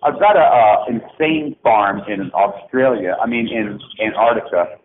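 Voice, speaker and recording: A man's voice: mid-range voice, expressive, a little slow. A middle-aged man leaving a profane, mocking, erratic rant with sarcastic swings, as on a phone message. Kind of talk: angry rambling phone message. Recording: tinny phone line with faint hiss.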